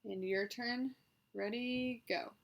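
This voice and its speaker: A woman who works as a speech therapist, leading a voice exercise session and giving slow, clear, deliberate instructions between loud sustained vowels. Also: a little high, fairly even intonation.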